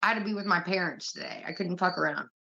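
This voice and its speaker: A woman's voice: fairly low pitch, quick pace, gravelly, pushed and bright. A woman hosting a livestream, venting casually to her chat in a blunt, heavily profane way. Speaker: livestream host. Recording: dull lo-fi stream audio.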